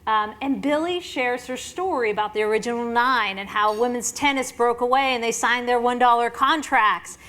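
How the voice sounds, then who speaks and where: A woman in her forties interviewing on stage at an awards event, an animated storyteller who laughs often. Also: on the high side, moderate pace, few pauses.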